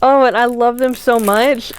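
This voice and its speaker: A woman's voice: fairly high pitch, steady tone, a little slow, a little hiss or hum. A woman hosting a craft channel, chatting casually and gushing as she shows off yarn, with plenty of fillers. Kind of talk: casual unboxing chat.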